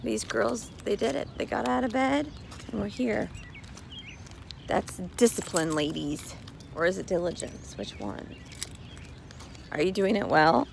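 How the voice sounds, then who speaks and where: A woman in her thirties, a mother casually vlogging her family's day, chatty and expressive, sometimes dropping to a whisper. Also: medium pitch, unhurried, vocal fry, long pauses, slight background noise. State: out of breath at times.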